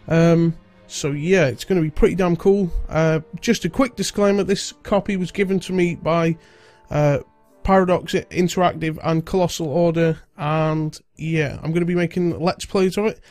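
A man's voice: on the high side, steady tone, normal speed, hardly any pauses, darkish tone, soft background music. Stuffy-nosed man doing game commentary. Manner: chatty, rambling, British-sounding slang. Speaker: gaming video host. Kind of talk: casual let's-play commentary.

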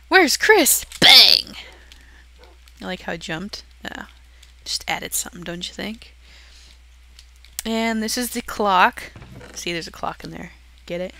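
A woman's voice: medium pitch, gravelly, sharp tone. Giggly, chatty young woman touring a game build. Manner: giggly, self-deprecating, chatty. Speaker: channel host touring her build. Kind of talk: casual game walkthrough commentary.

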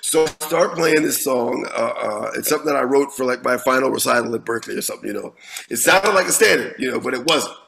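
A man in his fifties, a guest musician telling a lively story in an interview, swearing freely and often restarting with repeated words. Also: mid-range voice, fast talker, vocal fry, poor audio.

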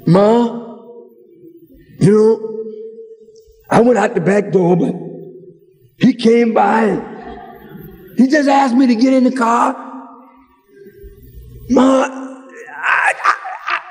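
A man, within a sermon, acting out a panicked young man who stammers and shouts as he begs his mother for help. A long hall reverb is heard. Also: very high voice, fairly even intonation, slow, long pauses. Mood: pleading.

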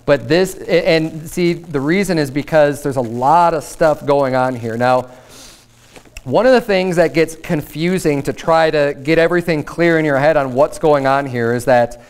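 A male pastor giving a Bible study sermon, reading scripture aloud and then explaining it in relaxed everyday speech. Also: fairly high pitch.

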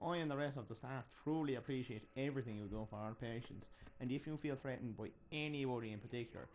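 A man's voice: mid-range voice, fast talker, darkish tone, slight background noise. A man with an Irish accent reading a document aloud while gaming, stumbling a little. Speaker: gamer reading an in-game note aloud. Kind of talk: casual game commentary.

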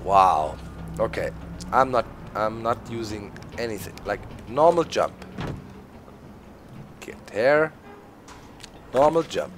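A man's voice: fairly low pitch, animated, takes it slowly, long pauses, faint music behind. Frustrated man ranting over gameplay. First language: German. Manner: swearing, frustrated outbursts at the game. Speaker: gaming video host. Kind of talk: live gameplay commentary.

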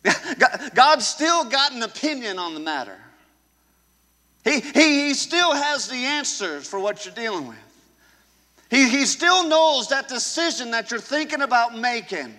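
A man's voice: very high-pitched, very animated, measured pace, pushed and bright. A man pastor preaching a sermon in a church, telling a story and driving home his points with emphasis. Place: church sanctuary. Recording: echoey church hall.

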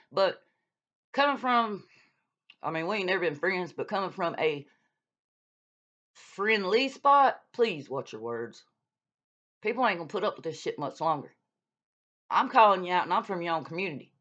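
A YouTube vlogger calls out another creator in a heated, casual rant, scolding bluntly and with plenty of profanity. Her voice is fairly low and a bit bright, with a sing-song lilt, a moderate pace and frequent pauses. The lo-fi recording sounds dull.

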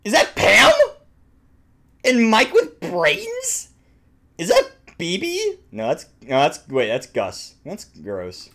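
A young man reacting to a game trailer, hyped and foul-mouthed. His voice swings all over, sharp and bright at the peaks. He keeps breaking into shouts, then dropping back to mutters. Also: high-pitched, huge pitch swings, takes it slowly. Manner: loud, swearing, hyped outbursts. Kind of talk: excited reaction commentary.

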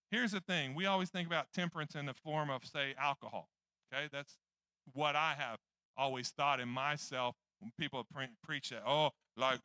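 A man's voice: fairly high pitch, pushed and bright, dry recording. A man preaching a sermon in church, rambling and joking at his own expense. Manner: rambling, joking, self-deprecating.

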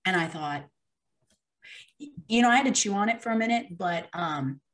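A woman's voice: mid-range voice, animated, normal speed, a bit bright. A young woman guest in an interview, earnestly telling a personal story with many fillers and restarts.

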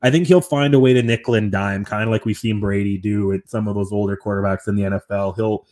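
A man's voice: lowish voice, steady tone, fast talker, darkish tone. A man talking casually on a sports podcast, rambling and self-deprecating, restarting often. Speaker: podcast co-host.

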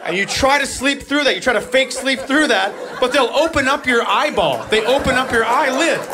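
A man's voice: very high-pitched, lively intonation, moderate pace, background noise. A middle-aged man doing a brash, profane, mock-exasperated stand-up comedy set on a comedy club stage. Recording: live club recording with crowd laughter. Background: audience laughter.

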